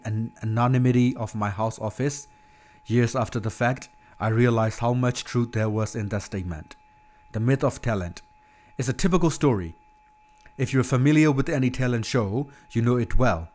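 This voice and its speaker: A man's voice: fairly low pitch, darkish tone. A man reading a nonfiction book chapter aloud, plainly and without polish, sometimes stumbling and restarting a word.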